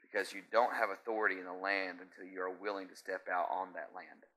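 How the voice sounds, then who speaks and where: Delivering a sermon, this pastor sits low in pitch, keeps a level tone and talks fast. He moves from hushed intensity to shouts while quizzing the congregation in call-and-response fashion.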